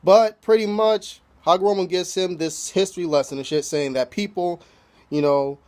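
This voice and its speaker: A man talking through an anime episode in a loose, rambling way, swearing freely and leaning on "you know" all the time. His voice sits a little on the high side. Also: normal speed, darkish tone. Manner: loose and profane, heavy "you know" fillers. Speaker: anime reviewer. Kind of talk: casual recap.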